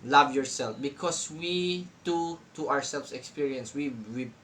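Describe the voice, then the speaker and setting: A man's voice: fairly high pitch, measured pace, a bit bright, a little hiss or hum. A man with a Filipino accent giving a casual, reflective talk as a podcast host, switching between English and Tagalog and often tagging lines with "di ba?". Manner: mixes English and Tagalog, keeps asking "di ba?". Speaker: podcast host answering a question.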